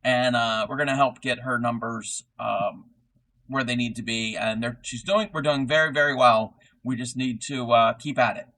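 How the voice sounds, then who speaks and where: A man at a mid pitch hosts a crafting live stream and chats as he crochets. He rambles in a low-key, unhurried way, full of "um"s and restarts, and thanks his viewers one by one. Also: steady tone, sharp tone, poor audio. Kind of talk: casual live-stream chat.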